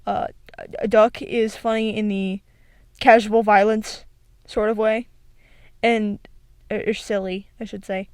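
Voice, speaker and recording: A young woman video creator talks casually by herself, rambling, giggling and breaking off to restart again and again, using a desk mic with an echo filter. She speaks at a medium pitch in a level, darkish tone, keeping a measured pace and pausing often. The sound is clean with no room sound.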